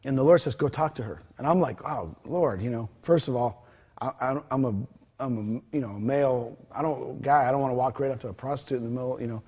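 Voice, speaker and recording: A man with a husky voice at an ordinary middle pitch, telling a story as a guest. He talks in a conversational, animated way, acting out the dialogue with plenty of fillers and restarts. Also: quick pace. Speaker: guest telling a ministry testimony.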